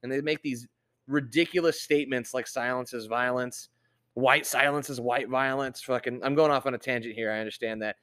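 A young man hosting a casual podcast, swearing constantly and ranting with loud outbursts. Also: medium pitch, fairly even intonation, fairly quick. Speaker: podcast host.

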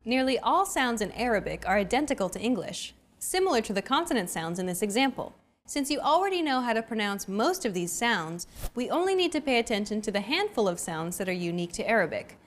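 A young adult woman hosting a language lesson, with clear, upbeat, teacherly scripted narration. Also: fairly high pitch, big pitch swings, brisk.

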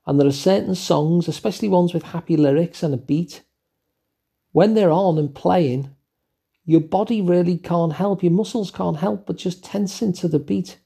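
Older English male host, dark husky voice, calm reflective delivery. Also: high-pitched, normal speed. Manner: gentle, musing, with fillers and asides. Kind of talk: reflective solo talk.

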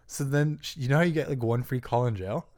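A man telling a story in casual chat, rambling with constant filler words and jumping into high voices for quotes. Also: quick pace, a little mellow, dry recording, studio quality.

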